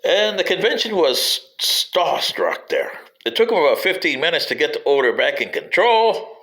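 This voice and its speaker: A man's voice: a little high, big pitch swings, moderate pace, a bit bright, poor audio. A man giving a rambling spoken history commentary, digressive and wry, sometimes addressing politicians directly.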